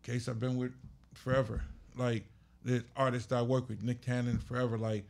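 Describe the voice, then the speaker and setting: A man's voice: mid-range voice, level tone, normal speed, gravelly, darkish tone. A man, a music manager and podcast guest, telling blunt stories in casual chat. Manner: blunt, storytelling with laughs.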